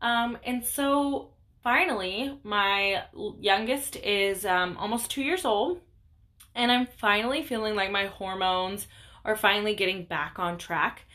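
A woman's voice: medium pitch, unhurried, sharp tone. A young woman hosting a podcast, talking candidly and chattily about her own life in a rambling casual monologue. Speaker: podcast host.

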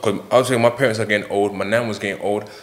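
A man's voice: on the low side, steady tone. A man telling prison stories in a casual podcast chat, acting out other people's lines as he goes. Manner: fast storytelling, acts out quoted voices, laughs while telling. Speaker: podcast guest.

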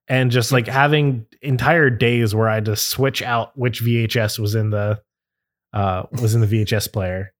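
A young adult man hosting a podcast in casual chat, rambling with many fillers and laughing easily. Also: medium pitch. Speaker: podcast host.

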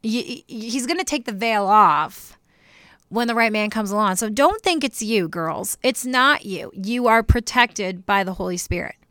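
A young woman chats on her podcast, telling lively stories and laughing often. Her voice is bright, clear and a little higher than most. She also gives faith-based encouragement to listeners, recorded close and dry. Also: moderate pace, no room sound. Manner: animated storytelling with laughter. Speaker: podcast co-host. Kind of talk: casual chat.

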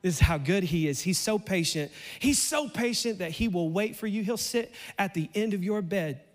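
A man preaching a sermon in a church, playful and animated, his voice climbing almost to a shout as he acts out lines. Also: high-pitched, moderate pace, in a large hall. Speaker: pastor.

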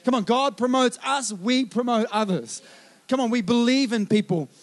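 A man preaching a sermon with fervent, repeated calls of "come on", swinging between loud urgent bursts and quiet slow lines. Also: very high voice.

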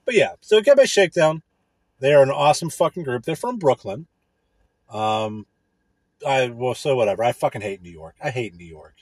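A man's voice: mid-range voice, lively intonation, normal speed, pauses often, a little mellow, husky, no echo. A man hosting a music show, chatting casually in a crude, profane, rambling way with lots of restarts. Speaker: radio music show host.

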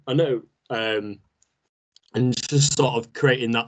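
A man's voice: medium pitch, measured pace. Young man, chatty and rambling. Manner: rambling, with many fillers. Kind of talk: casual chat.

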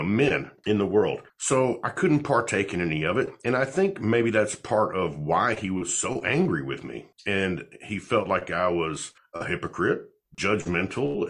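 A man tells his own faith story with lots of life in his voice. His voice is on the low side and a bit husky, and his pitch swings widely as he slips into the voices of the people he is quoting. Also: normal speed, hardly any pauses. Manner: animated storyteller acting out dialogue. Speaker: podcast guest. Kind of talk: telling a personal faith testimony.

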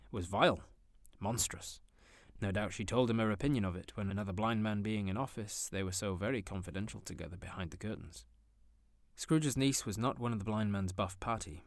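A man narrating a classic story aloud with expressive, dramatic pacing. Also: lowish voice, no echo. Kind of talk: storybook reading.

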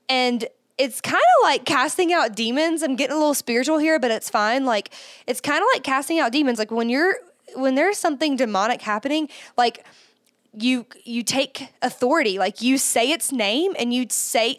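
A woman with a fairly high voice hosts a faith-based podcast. She talks listeners through spoken affirmations in an earnest, emphatic way. The sound is dry and close, with no room around her. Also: fairly bright tone, dry recording. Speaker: podcast host.

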